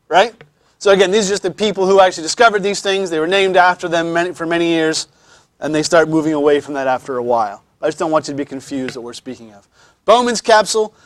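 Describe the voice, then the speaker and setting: A man teaching a classroom lecture, pausing often to explain in a conversational way and repeating his words. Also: high-pitched, dry recording, clean studio sound.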